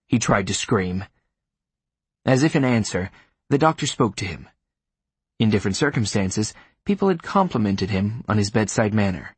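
A man narrating a thriller audiobook in a steady, measured, grim manner. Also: lowish voice, slightly rough, no echo.

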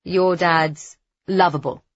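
A woman voicing a calm, frank young man who keeps pressing his point in reasonable tones, read as an audiobook character. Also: on the low side, takes it slowly, no echo. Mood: steady, persuasive. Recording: dull, dry studio recording.

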